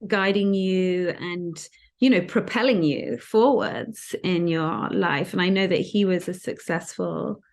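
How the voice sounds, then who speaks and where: A woman's voice: fairly low pitch, measured pace, a little mellow. A woman hosting a casual podcast interview, answering with short, supportive agreement. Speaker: podcast host.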